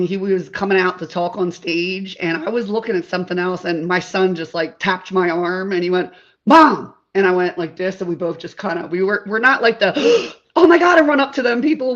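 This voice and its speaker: A woman from Delaware, a talk show guest, telling lively stories in casual chat and laughing often. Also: on the low side, muffled recording. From Delaware, USA. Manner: animated storyteller, laughs often.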